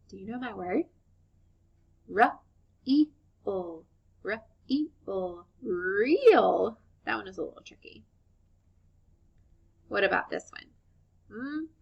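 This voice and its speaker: A woman teaching young children phonics, sounding out words slowly and clearly and praising them warmly. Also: mid-range voice, muffled recording. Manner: slow, clear sound-by-sound modeling, encouraging.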